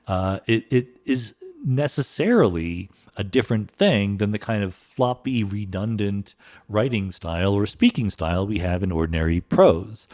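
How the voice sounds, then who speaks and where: A man's voice: on the low side, darkish tone. A middle-aged man hosting a solo podcast, answering listener questions in a thoughtful, conversational way with frequent fillers.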